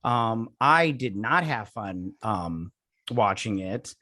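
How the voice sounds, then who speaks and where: Man, casual chat, halting, many ums, dry sound. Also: lowish voice, animated, bright, forceful tone, dry recording. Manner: hesitant, lots of ums. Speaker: co-host.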